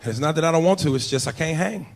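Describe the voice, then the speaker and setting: A man's voice: fairly high pitch, racing, gravelly. Brash, profane male stand-up comic. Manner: loud, brash, profane, animated storytelling. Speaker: stand-up comedian. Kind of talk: stand-up comedy set.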